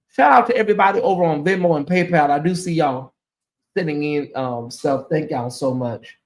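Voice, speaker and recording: Man, high voice, sleepy livestream host, chatty and emotional with viewers. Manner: chatty, emotional, thanking donors by name. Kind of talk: casual livestream chat.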